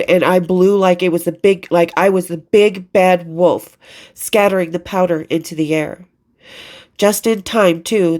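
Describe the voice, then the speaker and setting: Middle-aged woman reading from her own book, blunt and expressive, swears a bit, chatty asides. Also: on the low side. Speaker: author reading her memoir.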